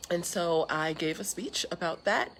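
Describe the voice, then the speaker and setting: In a casual live chat from her outdoor porch, a California woman talks earnestly to people online, often using fillers and starting over. Her fairly low voice is a bit bright and runs at a normal speed. There's a little hiss or hum.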